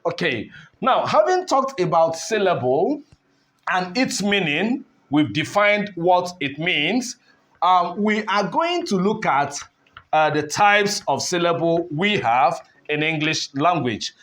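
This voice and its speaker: Male English teacher, unhurried board lesson, raised pitch, rhetorical questions. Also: big pitch swings, a bit bright. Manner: slow, deliberate, repeats words and asks rhetorical questions.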